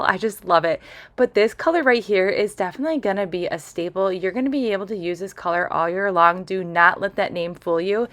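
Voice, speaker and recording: An enthusiastic woman narrates a voice-over nail tutorial, gushing about colors and products. Her talk is casual and chatty, sprinkled with "like" fillers. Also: medium pitch.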